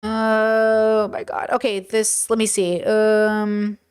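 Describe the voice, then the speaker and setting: A woman's voice: medium pitch, completely flat delivery, slow, a little mellow, clean tone. A woman hosting a livestream, reading chat comments aloud and answering them bluntly, with frequent swearing and exasperation. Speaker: livestream host.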